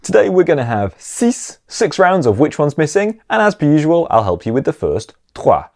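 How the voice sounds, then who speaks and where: A man's voice: on the high side, very animated, normal speed, hardly any pauses, darkish tone, soft background music. A man teaching children French in a playful way, drilling words for them to repeat. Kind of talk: children's language lesson.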